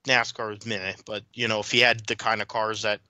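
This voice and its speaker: Podcast guest: a man with a sharp, forceful voice and a lowish pitch, talking racing history in long, rambling runs, recorded dry. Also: little pitch movement, fairly quick, no room sound. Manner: rambling, detailed motorsport recollections with restarts. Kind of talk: casual racing chat.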